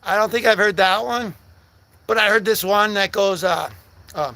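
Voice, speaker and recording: A man's voice: high-pitched, moderate pace, creaky, no room sound. A young man hosting a live stream, chatting goofily with viewers and rambling between silly bits. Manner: silly, rambling, breaks into loud singing. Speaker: livestream host. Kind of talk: goofy live chat with viewers, bursts of singing.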